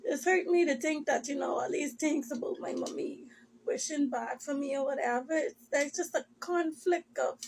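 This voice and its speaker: A woman's voice: high-pitched, normal speed, gravelly, darkish tone, a little hiss or hum. A woman giving an emotional personal testimony, impassioned and repetitive, sometimes tearful, addressing her listeners as people of God.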